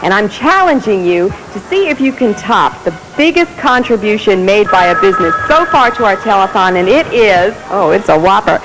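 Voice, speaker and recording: A woman's voice: mid-range voice, animated, moderate pace, hardly any pauses, over music, lightly acted, poor audio. An actress playing a bubbly female telethon host, upbeat and cajoling as she urges viewers to give. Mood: cheery. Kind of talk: soap opera acting.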